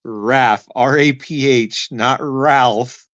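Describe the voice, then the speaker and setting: A male podcast co-host talks casually about a film, dry and matter-of-fact, quick to correct others. His voice sits at an ordinary mid pitch. The sound is dry and close. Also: fairly bright tone, no room sound, muffled recording. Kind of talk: casual movie-review chat.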